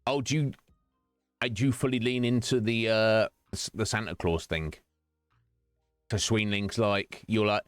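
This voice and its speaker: A man's voice: on the low side, fairly even intonation, unhurried, pauses often, smooth, dry recording, studio quality, soft background music. A male streamer chatting casually with viewers during a game stream, rambling and teasing, laughing often.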